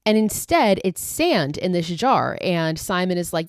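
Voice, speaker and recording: A woman's voice: on the low side, big pitch swings, unhurried, few pauses, dry recording, clean studio sound. A woman podcast host casually recapping a horror movie, chatty and loose, with plenty of filler words and the odd swear.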